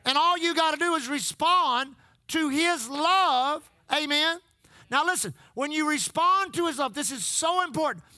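A man's voice: very high voice, measured pace, sharp tone, no echo. A middle-aged man preaching a sermon, telling folksy stories and calling out to the congregation. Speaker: pastor.

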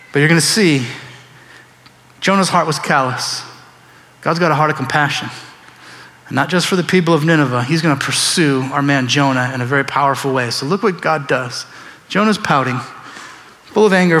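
A man pastor delivering a sermon in an animated way, acting out biblical figures in quoted voices. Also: a little high. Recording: long reverb of a large hall.

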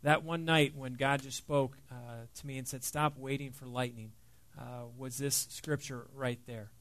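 A man's voice: medium pitch, fairly even intonation, moderate pace, dry recording. A middle-aged man giving a conversational, earnest sermon with a personal story, as the pastor. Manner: conversational, earnest, with many fillers and soft dips.

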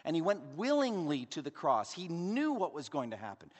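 A man preaching a sermon with emphatic rhetorical questions, swinging from loud declarations down to hushed asides. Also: on the high side, huge pitch swings, moderate pace. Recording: long hall reverb.

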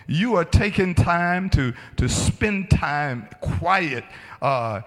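A man's voice: fairly high pitch, animated, very slow. Emphatic male pastor preaching in a reverberant hall. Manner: emphatic, rising to shouts on key points. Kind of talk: sermon.

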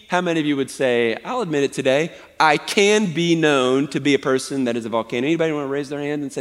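A man preaching a sermon as pastor, conversational and animated, often asking his congregation "right?". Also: fairly high pitch, fast, hardly any pauses. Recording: long hall reverb.

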